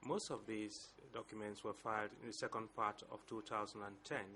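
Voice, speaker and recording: A male lawyer, addressing a courtroom slowly and formally with some hesitations. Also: lowish voice, fairly even intonation, bright, forceful tone, a little hiss or hum. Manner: deliberate, measured speech with hesitations. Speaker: lead co-lawyer for civil parties.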